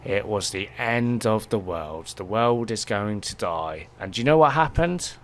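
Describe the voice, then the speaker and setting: A man voicing an ancient, worldly male archwizard who lectures with rhetorical questions and a somewhat low voice. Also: expressive, unhurried. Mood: lecturing.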